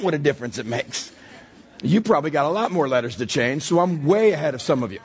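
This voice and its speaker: Pastor, man in his forties, a bit hoarse and husky, lively animated delivery. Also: high-pitched. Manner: storytelling with lively acted-out quotes. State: slightly hoarse. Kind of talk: sermon.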